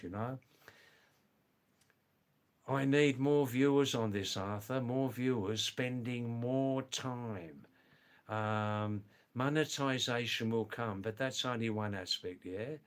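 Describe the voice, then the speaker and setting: Older guy on a livestream, talks slow, rambles, chats w viewers by name. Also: medium pitch. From lives in the Himalayas of northern India. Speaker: livestream host. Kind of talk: casual live stream chat with viewers.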